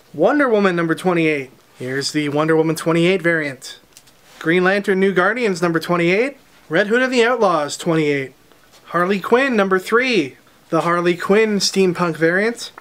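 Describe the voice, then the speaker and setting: A man, hosting a comic shop unboxing and briskly listing new releases with dry asides. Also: high voice, a bit bright. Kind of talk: unboxing product rundown. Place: comic book store.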